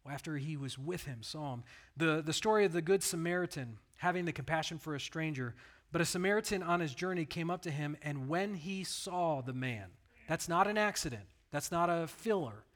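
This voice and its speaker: A middle-aged pastor giving a conversational sermon, telling stories in an earnest, plain way. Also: male voice, fairly high pitch, a little fast, a bit bright.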